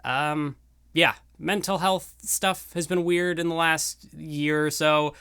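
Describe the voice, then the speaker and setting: A man's voice: fairly high pitch, steady tone, slow pace, pushed and bright, smooth, no echo, studio quality. A young man rambling casually through a video outro at home, self-deprecating and full of fillers. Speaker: YouTuber. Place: room at home.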